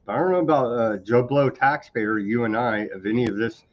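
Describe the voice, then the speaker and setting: A man's voice: medium pitch, a little fast. Man hosting a news show, dull lo-fi sound. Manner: reads documents aloud, casual asides. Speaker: host. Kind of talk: news commentary.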